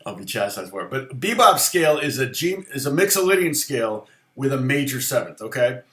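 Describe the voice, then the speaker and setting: A man's voice: medium pitch, very animated, brisk, fairly bright tone, roomy sound. A middle-aged man giving a casual livestream guitar lesson, chatty and rambling, with many fillers and restarts. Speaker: guitar teacher.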